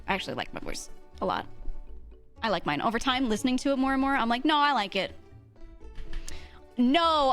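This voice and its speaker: A woman streams and banters rapidly with her viewers, swearing freely and breaking into frequent laughter. Her voice is mid-to-low in register with a fairly bright tone.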